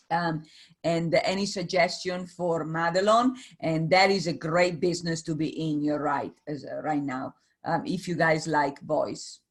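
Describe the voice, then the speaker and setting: Woman, low voice, meeting host, video call, halting, encouraging. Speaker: host of online business meeting. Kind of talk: casual video-call chat.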